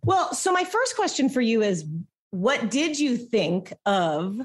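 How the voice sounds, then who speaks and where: A woman hosting a podcast, asking questions in a relaxed, chatty way and often saying "like". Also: fairly high pitch, slow. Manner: relaxed, chatty, uses "like" a lot. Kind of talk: casual chat.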